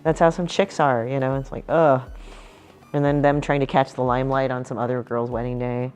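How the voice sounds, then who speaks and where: A woman's voice: a bass voice, flat delivery, fairly quick, a little mellow, clear, resonant tone, faint music behind. A woman comic artist chatting casually about her book, blunt and profane, often acting out quotes from people in her stories. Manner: acts out quotes in other voices.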